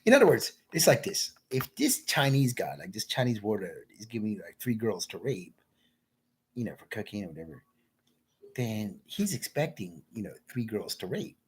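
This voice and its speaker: A man's voice: fairly low pitch, very animated, moderate pace, husky. A man talking in a rambling solo monologue, drifting from thought to thought and calling the listener "man.".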